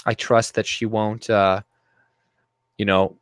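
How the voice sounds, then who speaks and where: A man's voice: on the low side, level tone, takes it slowly, clean tone, no echo. A young man hosting a live stream, ranting profanely and reading his chat aloud. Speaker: livestream host. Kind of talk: casual live-stream commentary.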